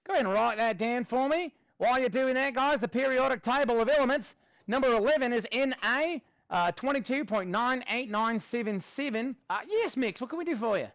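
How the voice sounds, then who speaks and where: An upbeat, chatty man teaching math to a class, his voice sitting high and bouncing between jokes and instructions. The sound is dry and close, with almost no room echo. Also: expressive, fairly quick, fairly bright tone, highs cut off. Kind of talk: classroom lesson.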